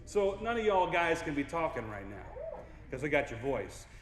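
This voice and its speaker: A man's voice: a little high, big pitch swings, moderate pace. A young man giving a playful keynote to a large audience, joking and getting the crowd to join in. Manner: goofy, playful, engages the crowd. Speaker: keynote speaker. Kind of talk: motivational keynote speech. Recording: echoey hall from far off.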